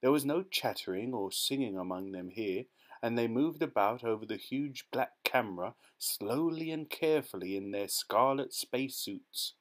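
A man narrating a children's storybook in a lively, expressive manner. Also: medium pitch, normal speed. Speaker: audiobook narrator.

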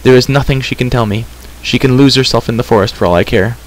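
A man's voice: medium pitch, quick pace, lightly acted, low-quality recording. A man voicing a grieving young hero who speaks in a stern, bitter way, in a storybook reading.

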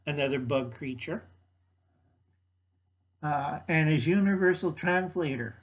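Old guy rambling thru his movie notes, kinda high voice, keeps losing his place. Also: slow pace, pauses often, muffled recording. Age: older. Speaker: YouTube host.

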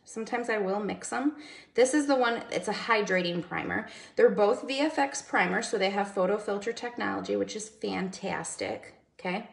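A woman's voice: mid-range voice, moderate pace, vocal fry, reverberant. A woman hosting a casual makeup livestream, chatty and greeting viewers by name.

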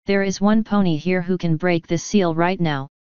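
A woman voicing an earnest, studious young female pony who leads her friends, in her own low, clear reading voice. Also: steady tone, normal speed, a little mellow, no echo, lightly acted. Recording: dull lo-fi dry recording.

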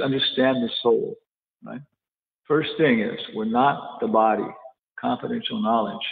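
Through tinny, phone-like audio in an echoey hall, a man with a creaky, medium-pitched voice teaches a casual scripture class as a spiritual teacher. He keeps things chatty, laughing in asides and acting out quotes.

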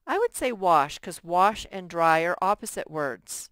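A woman with a slightly low, smooth, clear voice, giving a first-grade workbook lesson. She speaks slowly and patiently and sounds out each word for young children. The recording is close and dry. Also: very animated, fairly bright tone, no echo. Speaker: teacher.

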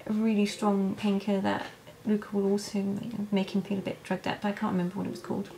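A woman's voice: medium pitch, flat delivery, low-quality recording. Emotional woman telling her birth story. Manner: emotional, halting with many fillers and restarts. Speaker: vlogger. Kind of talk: personal birth story, casual.

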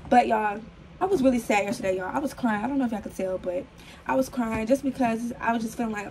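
A young woman in her twenties talks casually to her phone camera at home, her voice a bit hoarse. She is chatty and full of fillers, calls her viewers y'all, and sits a little higher than most women, with faint room noise under her. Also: quick pace, a little mellow, poor audio. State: slightly hoarse. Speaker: vlogger. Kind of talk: casual vlog talk to camera.

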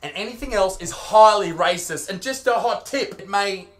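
A man's voice: sits high, normal speed, fairly bright tone. An Australian man ranting in a mocking, crude, over-the-top comedic style, full of sarcasm. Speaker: comedian on a video clip.

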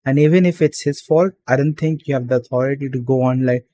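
A man's voice: mid-range voice, fast, dark tone. A young man ranting profanely and with exasperation while commenting on a reaction video.

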